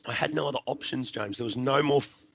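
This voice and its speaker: A man's voice: medium pitch, fast, creaky, muffled recording, a little hiss or hum. An Australian man, a podcast guest, tells his life story bluntly and emphatically, swearing often and dropping in "mate" and "right?". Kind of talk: personal storytelling.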